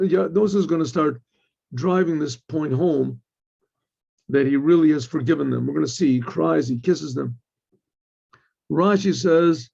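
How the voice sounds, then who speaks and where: Gravelly throat-clearing rabbi telling a story. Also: male voice, on the high side, measured pace. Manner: clears throat often, animated storytelling with restarts. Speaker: rabbi teaching Torah. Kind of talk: informal Torah lesson, retelling with quotes. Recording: dull lo-fi recording.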